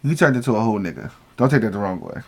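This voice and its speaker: A man's voice: lowish voice, lively intonation, racing, creaky, a little hiss or hum. Profane gossipy man recapping a show. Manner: acts out quoted lines. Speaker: reality show reviewer. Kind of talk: casual recap vlog.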